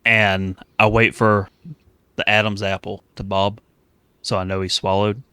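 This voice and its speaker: Young male co-host with a low voice, deadpan storyteller, dry close sound. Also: a little slow, smooth, dry recording. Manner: deadpan storyteller who breaks into shouts and laughter. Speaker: podcast co-host. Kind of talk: casual chat, storytelling.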